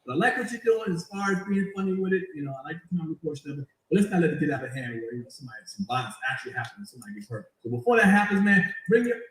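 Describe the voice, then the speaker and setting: A man hosting his own show, teasing a rival in lively casual commentary and mimicking others. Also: a little high, very fast, few pauses, echoey room, poor audio. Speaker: show host.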